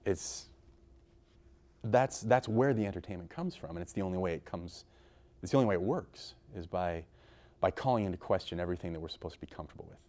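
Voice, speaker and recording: A man giving thoughtful, measured interview commentary. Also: low voice, animated, darkish tone. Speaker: folklorist or storyteller.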